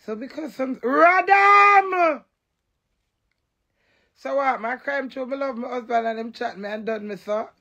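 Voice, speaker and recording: A woman with a Jamaican accent delivers a defiant vlog rant to the camera. Her voice sits high and carries a gravelly rasp. She swings between loud, boastful outbursts and low, muttered asides. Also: steady tone, brisk, few pauses, lo-fi sound. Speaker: vlogger. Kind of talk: emotional direct-to-camera rant.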